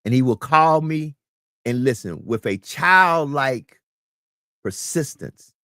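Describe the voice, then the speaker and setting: A man's voice: medium pitch, lively intonation, takes it slowly, sharp tone, no room sound, studio quality. Emphatic preachy man talking. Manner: emphatic, preachy, repeats words. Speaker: guest. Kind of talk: casual talk show chat.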